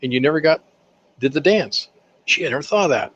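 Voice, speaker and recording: An older man, the guest of an interview, telling folksy, animated anecdotes about his accounting work with contractors and acting out the quotes. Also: on the high side, brisk, slightly rough. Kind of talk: casual interview storytelling. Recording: slightly dull lo-fi sound.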